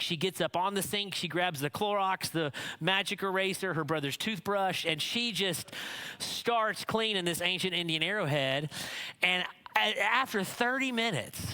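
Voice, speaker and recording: Bright high-voiced preacher man. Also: moderate pace. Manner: storytelling, acts out quotes. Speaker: conference speaker. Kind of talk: sermon.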